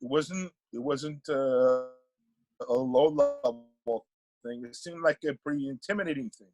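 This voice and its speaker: A man's voice: mid-range voice, unhurried, loud music behind the voice, low-quality recording. A middle-aged man from Panama, a guest in a casual podcast interview, talking animatedly and often repeating words as he thinks.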